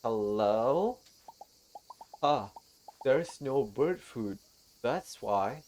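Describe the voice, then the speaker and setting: A woman voicing a kindly old grandfather who photographs birds, speaking quietly. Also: very deep voice, animated, extremely slow, slight background noise, exaggerated voice. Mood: hushed. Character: gentle old grandfather, keen bird photographer. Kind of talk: game dialogue read aloud by a streamer. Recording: faint game music behind.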